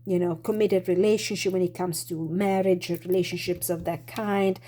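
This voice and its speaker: A woman giving a casual tarot reading, slightly hoarse, speaking thoughtfully with many fillers and restarts. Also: on the low side, fairly even intonation, moderate pace, dark tone. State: slightly hoarse, clearing throat. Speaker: tarot reader.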